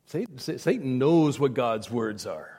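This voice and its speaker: A man's voice: mid-range voice, animated, unhurried, warm tone, breathy edge, long reverb tail. A male pastor preaching a sermon emphatically, with repeated phrases and direct appeals to his listeners.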